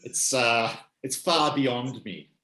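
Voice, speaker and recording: A man's voice: mid-range voice, takes it slowly, sharp tone, echoey room. A man from Melbourne with an Australian accent, co-hosting a casual chat with wry explanations. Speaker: podcast co-host. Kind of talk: casual conversation.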